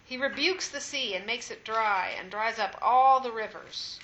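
A woman reading scripture aloud at a steady, measured pace in a Bible study. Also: on the high side, highs cut off, slight background noise. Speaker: scripture reader.

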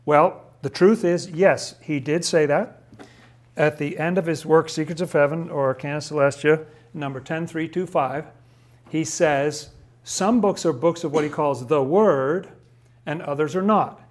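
A man's voice: a little high, unhurried. A man giving a spoken lecture on scripture in a conversational way, reading quotations aloud and adding wry asides.

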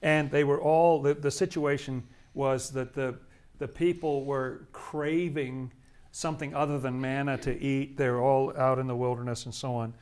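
A man's voice: mid-range voice, fairly even intonation, a little mellow, smooth. Chatty man leading a Bible study. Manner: chatty and halting, with fillers, restarts and chuckles. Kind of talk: informal Bible study commentary.

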